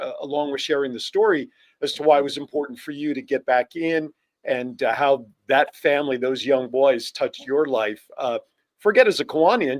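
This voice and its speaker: A man hosting a live-streamed club show, asking questions and reflecting in a measured way. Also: a little high. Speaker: show host. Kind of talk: interview talk show.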